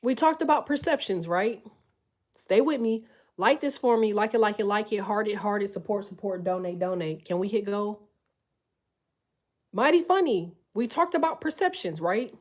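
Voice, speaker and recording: A woman giving a loud, animated, profanity-filled casual tarot reading, full of slang. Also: mid-range voice, moderate pace. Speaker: tarot reader.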